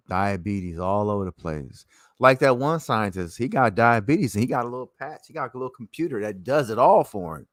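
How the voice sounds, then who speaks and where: A man in a rambling casual monologue, swinging between loud and soft. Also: lowish voice, no room sound, studio quality.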